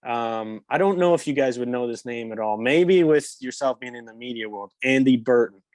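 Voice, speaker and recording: A young man from England tells a loose, rambling story as a podcast guest, leaning on fillers. His voice sits at an ordinary middle pitch. The recording is dry and close. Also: normal speed, a little mellow, no echo. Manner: rambling, lots of "like" fillers, laughs mid-story. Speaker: guest, former pro hockey player. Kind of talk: casual storytelling.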